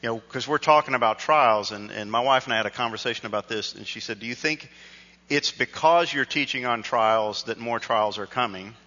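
Bright-voiced pastor, echoing hall. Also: male voice, medium pitch, brisk. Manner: conversational storytelling, self-deprecating. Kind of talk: sermon with personal story. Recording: dull sound with long hall reverb.

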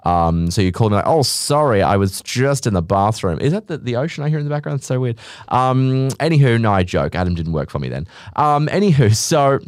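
A man's voice: dry recording, studio quality. Podcasthost, Australische man, lage stem, sarcastisch tierend en vloekend, droge opname. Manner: sarcastic, ranting, swears freely; animated, mimics others in high voices. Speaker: podcast host, business owner. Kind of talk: casual podcast monologue.

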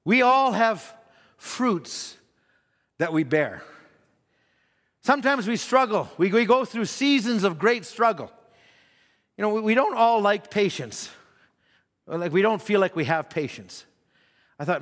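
A man delivers a sermon with a very high-pitched voice. He talks conversationally, repeats and restarts his words, and sinks to a hushed tone when he turns reflective. The sound carries a long hall reverb. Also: big pitch swings, a little slow, long pauses. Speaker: preacher.

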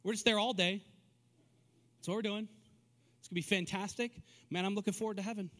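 A man with a high voice preaches a sermon. He repeats words as he builds toward forceful declarations. His voice carries a long hall reverb. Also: steady tone, brisk. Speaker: pastor.

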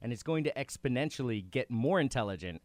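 A man's voice: medium pitch, expressive, fast talker, a little mellow, dry recording. A young adult man in casual chat as a podcast co-host, with wry, dry comebacks.

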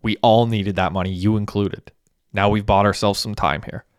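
Brash young roommate, defiant, read by a man with a low, smooth voice. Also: steady tone, moderate pace, dry recording, studio quality, natural voice.

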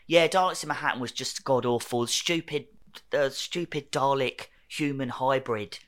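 A man's voice: mid-range voice, moderate pace, a bit bright. A young English man co-hosting a podcast, talking casually, joking and trailing off mid-sentence. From England. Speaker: podcast co-host. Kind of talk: casual chat.

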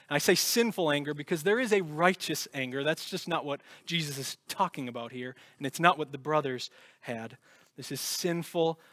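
A pastor preaching a sermon with earnest conviction, moving from loud emphasis to hushed, intense passages. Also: male voice, fairly high pitch, no echo, studio quality.

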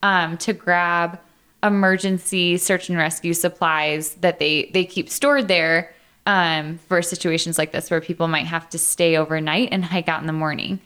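A woman's voice: fairly low pitch, fairly even intonation, moderate pace, fairly bright tone, smooth. A woman co-hosting a podcast, telling a hiking story in casual chat and laughing often. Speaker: podcast co-host.

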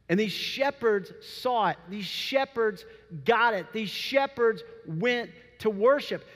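High-voiced male preacher in a reverberant hall. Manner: animated storytelling preaching with acted quotes. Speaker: pastor. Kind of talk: sermon.

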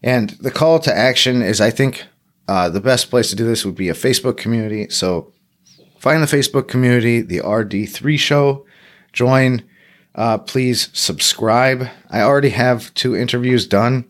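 A man's voice: medium pitch, normal speed. A man hosting his own podcast alone, talking casually and rambling with lots of fillers and self-deprecating asides. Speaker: podcast host. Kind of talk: solo podcast monologue.

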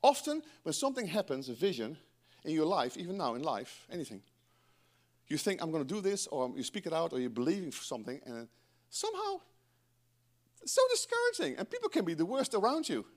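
A middle-aged man preaching a sermon in church, animated and breaking into joking asides to the congregation. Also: on the high side, fairly quick. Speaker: pastor.

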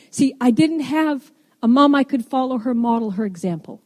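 A woman's voice: sits high, lively intonation, moderate pace, a little mellow. A middle-aged woman giving a sermon, speaking in an earnest, emphatic way and asking her listeners rhetorical questions. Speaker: women's ministry speaker. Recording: long reverb in a large hall.

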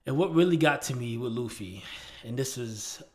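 A man's voice: mid-range voice, moderate pace. A man co-hosting a podcast, chatting casually and acting out favorite scenes with lots of energy. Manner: animated storyteller, acts out scenes. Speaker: podcast co-host. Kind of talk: casual chat.

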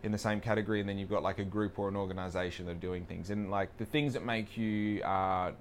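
A man's voice: sits low, fairly even intonation, quick pace, slight background noise. A young man talking casually in a rambling, profane, self-deprecating way. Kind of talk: casual monologue.

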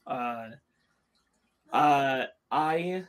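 A man co-hosting a casual review chat, his voice sitting in a middle pitch. He speaks hesitantly and fills pauses with ums and uhs. The tone is easygoing and conversational. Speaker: podcast co-host.

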